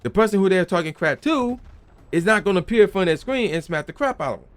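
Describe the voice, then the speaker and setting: Fast and high-pitched, this young gaming channel host delivers a casual, slangy rant with animated emphasis. Every so often he acts out the voices of people he's quoting while he airs his opinions.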